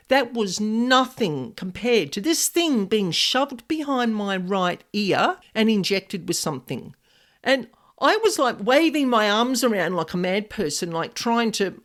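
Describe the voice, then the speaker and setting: A woman hosting a podcast, telling a personal paranormal experience in a casual, expressive way with many "like" fillers. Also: a little high. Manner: animated, expressive, frequent "like" fillers. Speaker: podcast host, paranormal specialist. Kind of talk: casual storytelling monologue.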